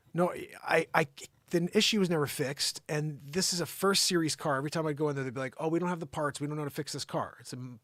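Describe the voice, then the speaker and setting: A man ranting on his own live stream, his voice pitched somewhat high and recorded dry and close. He talks in an animated, indignant way and acts out what others told him in exasperated retellings. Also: dry recording. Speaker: live show host. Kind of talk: unscripted ranting monologue.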